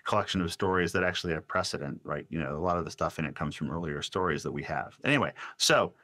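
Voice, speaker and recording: A man telling a long story as a podcast guest, animated and quoting voices, with many restarts. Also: sits low, fast, dry recording. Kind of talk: storytelling in a casual interview.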